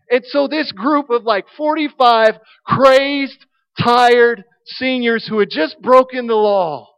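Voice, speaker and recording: A man preaching a sermon, telling a humorous story in an animated way. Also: very high voice, low-quality recording.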